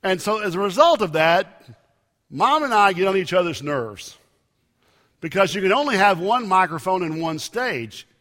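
A man preaching a sermon, with emphatic loud rises and soft drops. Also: high-pitched, very animated, normal speed. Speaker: pastor. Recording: long reverb of a large hall.

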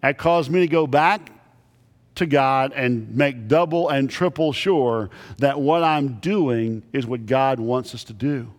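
Emphatic preacher in an echoing hall. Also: male voice. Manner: emphatic, dramatic pauses, drops low for punchlines. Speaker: pastor. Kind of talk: sermon. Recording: long reverb in large hall.

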